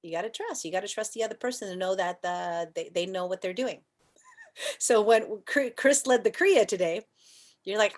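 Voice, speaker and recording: A woman teaching a yoga class online, chatty and playful, asking rhetorical questions and at times softly chanting. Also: mid-range voice, normal speed. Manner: soft chanting and whispering at times.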